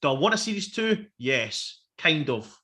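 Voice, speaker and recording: A man, co-hosting a casual review chat, animated and sweary, acting out quotes. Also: fairly high pitch, moderate pace. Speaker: podcast co-host.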